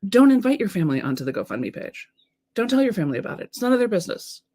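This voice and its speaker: Frank, animated woman coaching on a live stream. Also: mid-range voice, racing. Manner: animated, frank, swears casually, reads viewer comments aloud.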